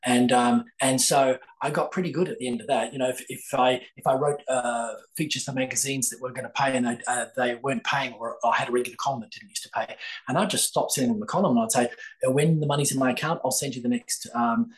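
Older man, podcast guest, rambling storytelling, mid-range pitch. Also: fairly even intonation, quick pace, low-quality recording. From Australia. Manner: rambling, many fillers and restarts. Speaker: guest, psychic author.

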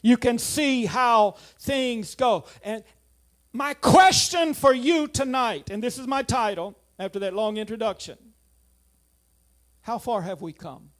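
A man preaching a sermon, telling a family story, then driving home points with loud emphasis and quiet asides. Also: extremely high pitch, lively intonation, a little slow, soft background music. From South Louisiana.

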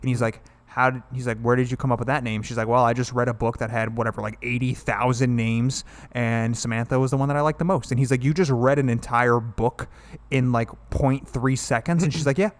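A man talking casually about a movie with a friend, his speech loose and rambling. He leans on "like" constantly and acts out bits of dialogue as he goes. His pitch sits in an ordinary middle range. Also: fairly even intonation, fairly quick. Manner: rambling, heavy use of "like", retells scenes with quoted dialogue. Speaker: film review podcast co-host. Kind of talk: casual chat.

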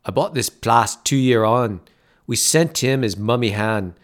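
Man putting on a blunt bar owner, clipped rough talk. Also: medium pitch, a little slow, voice pushed up, lightly acted.

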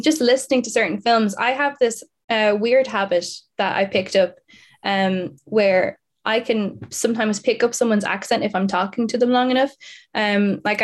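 A woman actress talking in a casual interview, bubbly and enthusiastic. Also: a little high. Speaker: actress guest.

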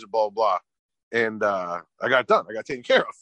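A man's voice: fairly low pitch, fast talker, no room sound. A middle-aged man and podcast guest telling a story casually, swearing a lot and acting out what each person said. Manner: profane, animated storyteller acting out quotes. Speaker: podcast guest, business owner.

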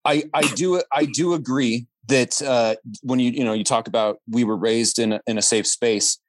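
A man's voice: mid-range voice, steady tone, normal speed, no echo. A man in his thirties, a guest on a casual family podcast, telling stories with lots of restarts and getting worked up. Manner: storytelling with many restarts and fillers, gets worked up. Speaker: guest, the host's brother.

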